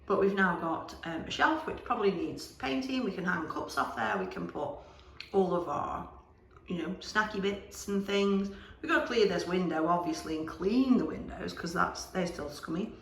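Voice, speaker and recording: A woman's voice: fairly low pitch, very animated, moderate pace, slight background noise. Shop-owner vlogger, woman, rambling chatty delivery, recorded in an echoey bare room. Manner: chatty, rambling, laughs easily. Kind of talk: casual video diary. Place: small shop being renovated, indoors.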